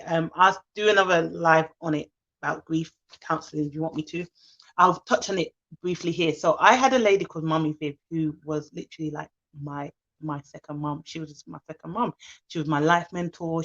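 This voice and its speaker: Here a livestream host speaks in a deep voice, and the recording has its highs cut off. She talks casually and sincerely to her audience, reading out what viewers write.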